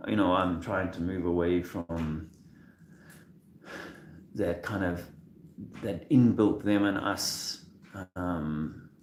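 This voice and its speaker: A man with a very low, gravelly voice speaks slowly to his viewers. He is soft-spoken and hesitant, with many restarts. The room is echoey and a faint hiss sits behind him. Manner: halting, full of restarts and fillers; soft-spoken and emotional at times. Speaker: video host. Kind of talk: casual livestream talk.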